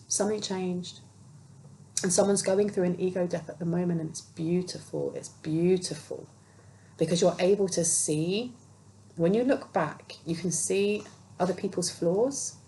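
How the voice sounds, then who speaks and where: A woman's voice: fairly low pitch, gravelly, mellow, a little hiss or hum, poor audio. Earnest woman giving a tarot reading. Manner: earnest, reassuring, acts out quoted voices. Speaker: tarot reader. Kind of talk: spiritual tarot reading monologue.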